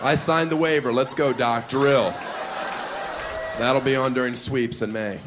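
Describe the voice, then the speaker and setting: A man's voice: medium pitch, a little slow. A man performing a stand-up comedy set on a club stage, brash and provocative, mocking his audience. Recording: live club with crowd laughter and noise.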